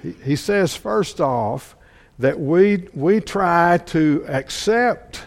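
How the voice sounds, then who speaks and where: A man preaching a sermon, halting and repeating words often, asking his listeners questions. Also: a little high, animated, gravelly. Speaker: preacher or Bible teacher. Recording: long hall reverb.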